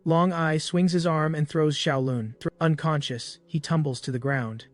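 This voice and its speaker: A man narrating a comic recap in a brisk storytelling voice with small slips. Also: on the high side, fairly even intonation, no echo, faint music behind.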